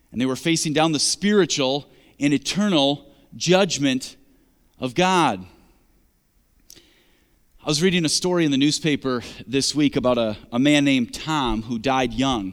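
Guy preaching in a big echoey church hall, chatty and emphatic, kinda high voice. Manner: emphatic, conversational preaching with rhetorical questions. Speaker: pastor. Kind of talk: sermon.

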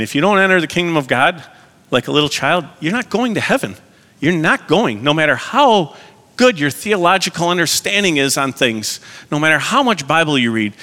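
A man's voice: medium pitch, sharp tone, in a large hall. A man preaching a sermon as pastor, earnest, putting direct questions to his congregation.

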